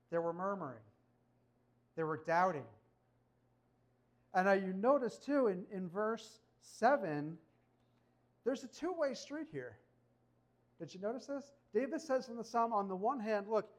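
A man with a high voice delivering a sermon. He talks in a conversational, animated way and keeps turning to the listeners with rhetorical questions. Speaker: preacher.

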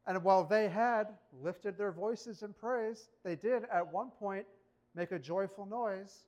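A man preaching a sermon in a conversational, animated way, often asking rhetorical questions. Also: sits high, measured pace.

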